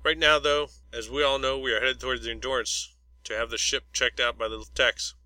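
A man reading a steady squad leader's briefing. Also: mid-range voice, a little fast, no room sound, low-quality recording. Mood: relaxed. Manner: steady, matter-of-fact briefing. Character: calm, good-humored male squad leader.

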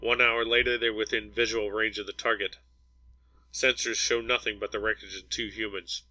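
A man narrating a science fiction audiobook in an even, measured reading. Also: fairly low pitch, no echo, rough recording. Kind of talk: scripted narration.

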